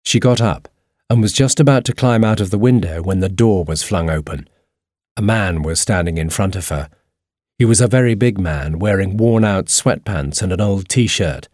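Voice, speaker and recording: A man narrating a storybook in a steady, even reading voice. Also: low voice, moderate pace, dry recording, clean studio sound.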